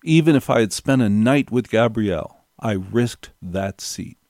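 Here a middle-aged storyteller speaks in an animated but unhurried way, his lowish voice slightly mellow. His personal anecdote wanders wryly, looping back to repeated key phrases for effect, all captured in clean studio audio with no room sound.

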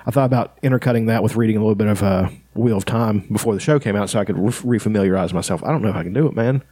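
A man's voice: fairly low pitch, rapid-fire, mellow, slightly rough, dry recording. A man co-hosting a casual chat, laid-back, swearing freely and laughing often.

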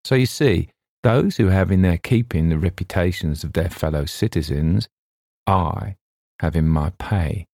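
A man voicing a sly, scheming older man who boasts and threatens softly, with a smug, coughing manner. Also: deep voice, measured pace, creaky, no echo, clean studio sound, heavily acted. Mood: smug boastful. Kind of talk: audiobook character reading.

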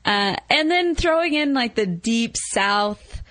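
A woman's voice: a little high, animated, slow pace, a bit bright, no echo. A woman on a podcast panel, playful and teasing in casual chat about a film. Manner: laughs often, playful and teasing.

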